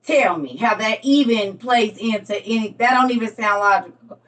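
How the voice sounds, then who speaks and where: A woman giving a casual, animated preaching talk on a livestream, laughing often as she dramatizes Bible stories. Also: on the high side, normal speed, recorded from a distance. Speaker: speaker on a faith livestream.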